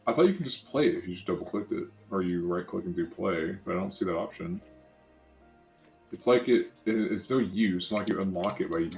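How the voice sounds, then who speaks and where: A man's voice: low voice, animated, fairly quick, gravelly, darkish tone, faint music behind, rough recording. A man co-hosting a let's play with a slight lisp, chatting casually, rambling and correcting himself as he goes. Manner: rambling, self-correcting, joking. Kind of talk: casual gaming chat.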